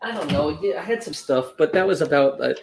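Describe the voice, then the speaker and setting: A man's voice: on the high side, animated, fast talker, creaky, a little hiss or hum. A man co-hosting a casual podcast, sarcastic and profane with dry wisecracks. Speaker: podcast co-host.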